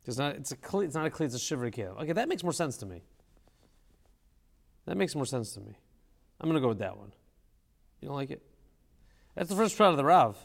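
A man's voice: medium pitch, big pitch swings, brisk, creaky, pauses often, in a large hall. A man teaching a casual study session, thinking aloud and asking questions, with Hebrew terms mixed into his English.

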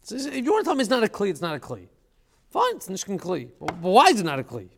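Gravelly man teaching a study session. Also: high voice, wildly swooping pitch, fast, big-room sound. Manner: mixes Hebrew terms into English, thinks aloud, asks questions.

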